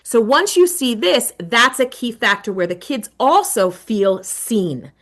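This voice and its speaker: Animated middle-aged woman presenter. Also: a little high, a little slow. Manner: animated, with dramatic whispered asides. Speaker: teacher presenter. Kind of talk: webinar presentation.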